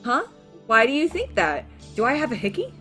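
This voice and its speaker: A woman's voice: on the high side, huge pitch swings, a little fast, fairly bright tone, faint music behind. A woman co-hosting a let's play, reading the heroine's lines aloud with chatty, bemused side comments. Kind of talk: reading a visual novel aloud.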